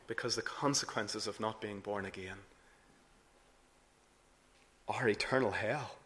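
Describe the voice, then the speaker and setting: A man preaching a sermon earnestly, rising to emphatic peaks and then dropping low and soft. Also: moderate pace. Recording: long hall reverb.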